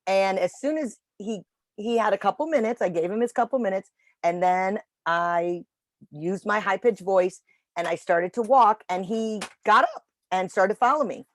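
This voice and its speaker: A woman telling a dog-training story in casual chat on a video call, animated when quoting. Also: medium pitch, normal speed, dry recording. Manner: chatty storytelling, animated voices for quotes. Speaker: puppy raiser trainer.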